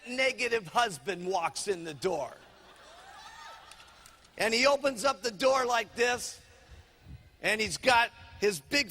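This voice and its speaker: A man's voice: very high-pitched, big-room sound. A man as sales trainer, telling a humorous motivational story and acting out each character. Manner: animated, acts out characters.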